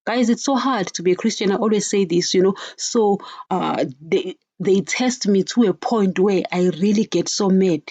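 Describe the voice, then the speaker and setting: A woman's voice: mid-range voice, moderate pace, hardly any pauses, mellow, dry recording, highs cut off. A woman preaching informally on a podcast, earnest and direct, often turning to her listeners with "guys" and "you know".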